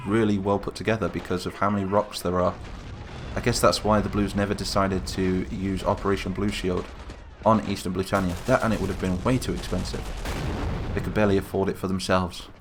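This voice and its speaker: A man hosting casual, chatty game commentary, getting excited and calling out to the troops as he plays. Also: on the low side, noisy background. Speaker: gaming channel host. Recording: game gunfire and explosions behind voice.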